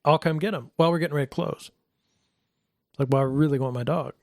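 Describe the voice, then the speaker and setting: A middle-aged man telling a personal faith story in a casual talk, animated and acting out the voices of the people in it. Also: fast talker, no room sound, studio quality. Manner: animated, acts out quoted voices in a higher pitch. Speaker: guest telling his testimony.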